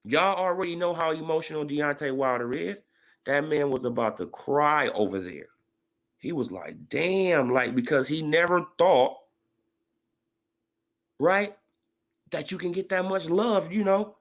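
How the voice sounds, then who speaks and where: Animated man ranting about boxing. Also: on the high side, a little slow, pauses often. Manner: animated, profane, rising to excited rants. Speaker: boxing commentator vlogger. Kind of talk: casual monologue.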